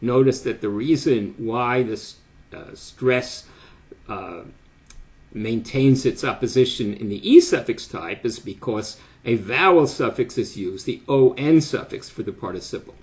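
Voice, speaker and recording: An older man giving an academic lecture, speaking deliberately with frequent pauses and fillers. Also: medium pitch, darkish tone.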